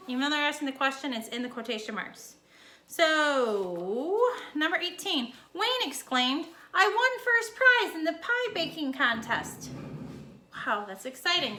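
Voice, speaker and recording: A young woman teacher records a casual lesson at home and walks her students through each step in a chatty, friendly way. Her voice sits high and sounds bright and clear. A faint hiss of background noise runs under the recording.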